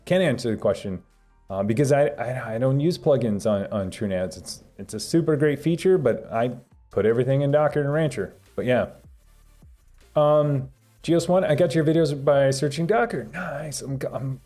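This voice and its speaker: A man's voice: mid-range voice, moderate pace, warm tone, faint music behind. A young adult man hosting a live stream, reading chat questions aloud and rambling through answers with lots of fillers and restarts. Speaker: livestream host reading chat.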